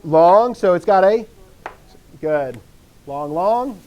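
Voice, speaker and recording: A man's voice: sits high, lively intonation, takes it slowly, highs cut off. A man teaching a language class, keen and chatty, who asks questions and answers them himself. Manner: enthusiastic, self-interrupting, asks and answers his own questions. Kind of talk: classroom lesson.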